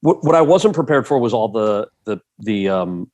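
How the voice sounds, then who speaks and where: A man in his forties, a podcast guest, telling a long story in an animated way and acting out the voices of the people in it. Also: fairly low pitch, normal speed. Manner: animated, acts out quoted voices in his anecdotes.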